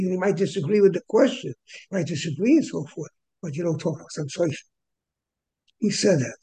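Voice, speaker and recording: A man teaching a Torah class who often repeats his words and clears his throat between phrases. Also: high voice, brisk, pauses often, warm tone, low-quality recording.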